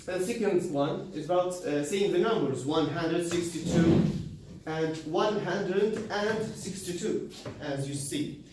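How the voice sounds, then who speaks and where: A man giving a university class presentation, halting, with many fillers, restarts and non-native grammar. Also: sits high, distant mic. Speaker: student presenter. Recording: very echoey room, voice from afar, faint noise.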